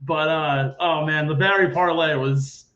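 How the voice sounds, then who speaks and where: A man's voice: fairly high pitch, steady tone, unhurried, a bit bright, lo-fi sound. A young man hosting a casual sports podcast, telling stories in a chatty way and swearing freely. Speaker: podcast host.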